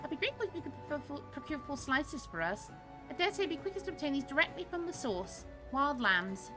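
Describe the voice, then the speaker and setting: A woman's voice: sits high, sing-song, fast, music in the background, pitched above the performer's own voice. A woman reading an anxious, courteous kitchen worker. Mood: urgent. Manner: politely urgent. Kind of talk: reading game dialogue aloud.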